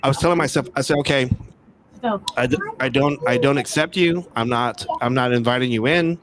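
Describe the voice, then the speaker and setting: A man's voice: mid-range voice, fairly quick, crowd noise. A man from Texas, a guest on a remote call, telling a story casually, with many restarts and repeated words.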